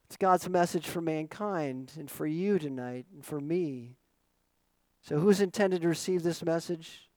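A middle-aged man preaching a sermon as pastor, asking rhetorical questions and swinging between loud emphatic lines and soft asides. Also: fairly high pitch, unhurried, dry recording, low-quality recording.

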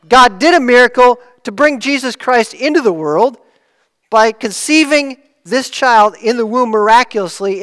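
A man preaching a sermon, explaining each point earnestly, rising for emphasis and dropping low to close a point. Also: a bit bright, in a large hall.

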